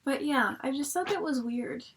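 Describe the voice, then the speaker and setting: A woman's voice: high-pitched, moderate pace, slight background noise. A young woman reviewing a TV episode from home at her laptop, chatty and rambling, swearing freely. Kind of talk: casual spoken review.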